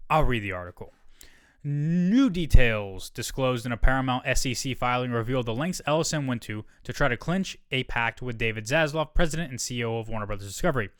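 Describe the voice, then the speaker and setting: The clip features a male podcaster alone at the mic, reading news copy and interrupting himself with asides and corrections. His tone is smooth, resonant, mid-pitched, expressive and fairly bright, and the sound is close and dry with no echo.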